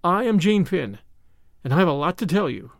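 A man voicing a frightened young woman who speaks quietly and anxiously in an audiobook reading. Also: high-pitched, sing-song, a little fast, creaky, no echo, clean studio sound, heavily acted. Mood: earnest.

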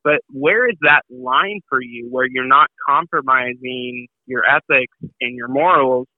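A man's voice: medium pitch, unhurried, no room sound. A man hosting an interview, earnestly asking a guest about his ethics on air. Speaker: podcast host. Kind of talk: interview questions. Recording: dry, tinny phone-like line.

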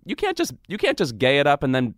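A man co-hosting a podcast from a desk, full of joking asides and quick banter. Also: on the high side, wildly swooping pitch, no room sound. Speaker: podcast co-host. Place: sitting alone at a desk.

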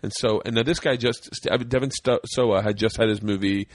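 A man's voice: fairly low pitch, fairly even intonation, normal speed, no echo. A young man and stand-up comic telling a wild story in casual, profane chat, acting out the voices. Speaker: podcast guest, stand-up comedian.

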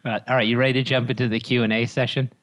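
A man's voice: mid-range voice, level tone, rapid-fire, a bit bright, low-quality recording. A man hosting a podcast, opening with a scripted, joke-filled intro and then interviewing a guest in a wry manner. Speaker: podcast host.

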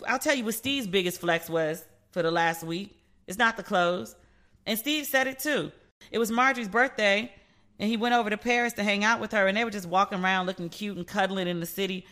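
A woman's voice: mid-range voice, fairly quick, sharp tone. A middle-aged woman hosting a podcast, chatting playfully about celebrity news and slipping into voices to act out what people said. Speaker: podcast host. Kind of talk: casual pop-culture commentary.

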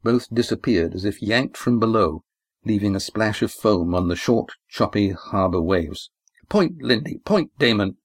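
A man narrating an adventure story at a steady, measured pace. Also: fairly low pitch, no room sound. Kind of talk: audiobook narration.

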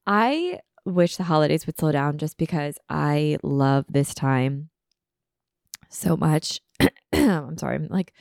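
Gravelly-voiced woman chatting on her podcast. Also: deep voice, animated, slow pace, a little mellow, no echo, clean studio sound. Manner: chatty, full of fillers and restarts. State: keeps clearing her throat, losing her voice. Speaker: podcast host. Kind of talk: casual solo podcast chat. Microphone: studio microphone.

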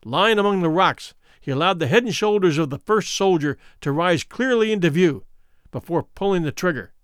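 Male story narrator, dramatic and expressive, slightly high voice, very lively pitch. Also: normal speed, smooth, no echo, studio quality. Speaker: audiobook narrator.

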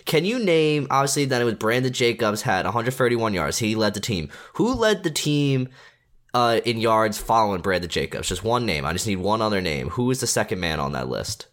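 A man's voice: on the low side, big pitch swings, fairly quick, a bit bright. A man appearing as a podcast's joking weatherman, giving a playful mock forecast and sports trivia. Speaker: guest weatherman. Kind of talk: casual podcast chat.

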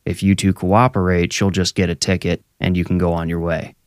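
A man's voice: low voice, little pitch movement, fairly quick, no room sound, clean studio sound, lightly acted. A man playing a skinny young fake police officer, curt and officious with a menacing edge. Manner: curt, officious, hesitant when pressed.

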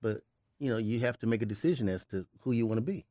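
A man's voice: medium pitch, lively intonation, fast talker, mellow, no room sound, studio quality. An older man on a podcast giving blunt, emphatic tough-love advice in casual chat. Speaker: podcast regular, host's father.

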